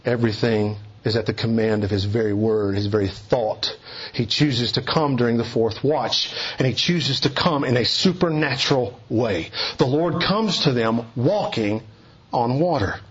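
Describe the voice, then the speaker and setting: A man delivers a sermon with a slightly husky, breathy tone. He speaks in a measured teaching way and draws out key words for weight. The recording sounds a little dull and lo-fi. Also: medium pitch. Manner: measured expository preaching, slowing for emphasis. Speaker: preacher.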